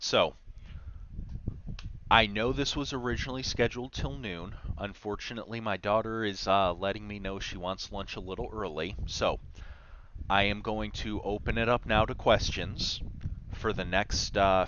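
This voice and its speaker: A man's voice: fairly low pitch, normal speed, sharp tone, highs cut off, slight background noise. A man chatting on a livestream about running tabletop games, telling stories with wry asides. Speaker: game master streaming a talk on game design. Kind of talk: casual livestream talk.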